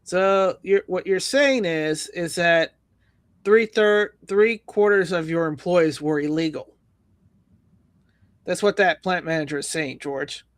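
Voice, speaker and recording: A man's voice: high-pitched, takes it slowly, no room sound. A man hosting a livestream, reading viewer comments and news aloud with sarcastic jokes. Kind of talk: casual news roast chat.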